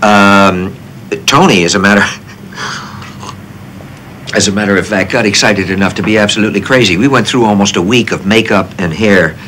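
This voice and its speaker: A man in his sixties from the United States, an actor guest telling stories in an animated, self-deprecating interview style. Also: lowish voice, normal speed, long pauses, a little hiss or hum. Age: 60s. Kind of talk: casual interview storytelling.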